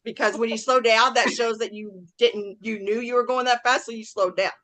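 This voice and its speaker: A former police officer chats on a podcast in a dry, matter-of-fact way. The voice is bright and forceful, with a middle pitch. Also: fairly even intonation, moderate pace. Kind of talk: casual chat.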